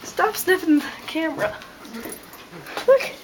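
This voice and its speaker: A woman filming her dog at home on a handheld camera, calling to it in high, playful baby talk. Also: expressive, unhurried, slight background noise. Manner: high sing-song coaxing, playful. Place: home, indoors.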